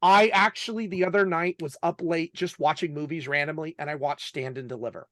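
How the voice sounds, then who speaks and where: Excitable stammering man, dry close mic. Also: a little high, fairly quick, no room sound. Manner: animated, stumbling restarts, passionate. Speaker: podcast co-host. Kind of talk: casual chat.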